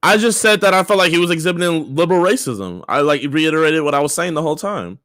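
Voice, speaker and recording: Young guy on a stream, upbeat and rambly, kinda high voice, dry sound. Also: fast talker, fairly bright tone, no room sound. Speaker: streamer guest. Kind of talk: casual livestream chat.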